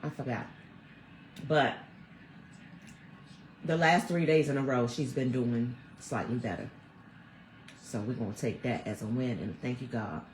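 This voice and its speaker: A woman in her fifties, hosting a vlog from home and chatting to viewers in a chatty, animated storytelling way. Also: very deep voice, measured pace, pauses often, a little hiss or hum. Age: 50s. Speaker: vlog host. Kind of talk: casual chat to viewers. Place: at home, snowed in. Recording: roomy echo.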